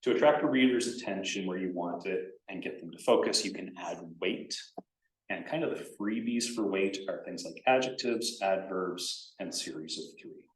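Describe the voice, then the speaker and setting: A man giving a conference writing workshop in a casual, animated way, acting out example sentences. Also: low-pitched, normal speed. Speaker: workshop presenter. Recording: echoey room, distant from mic.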